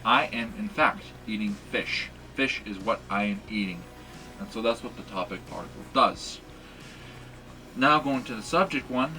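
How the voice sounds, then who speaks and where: A man's voice: lowish voice, moderate pace, pushed and bright, faint music behind. A man teaching a language lesson in a casual, rambling way, with many fillers and restarts.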